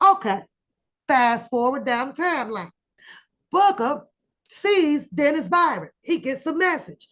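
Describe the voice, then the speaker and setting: A woman with a fairly high voice unspools the story at an unhurried, drawn-out pace. She slips into playful voices for the people she quotes, and the recording sounds dull and lo-fi. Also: big pitch swings, fairly bright tone. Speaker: commentary channel host. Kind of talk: casual drama commentary.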